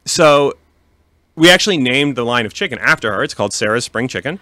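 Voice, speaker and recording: A man's voice: medium pitch, animated, brisk, bright, forceful tone, no echo, clean studio sound. A man talking casually in an interview about founding his meat business, with many restarts and fillers. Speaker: kosher meat company founder.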